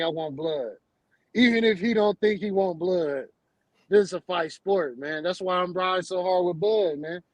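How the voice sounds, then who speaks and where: A man's voice: fairly high pitch, no echo, low-quality recording. A man hosting a casual sports talk show, talking emphatically in a ranting way and ending many lines with "man".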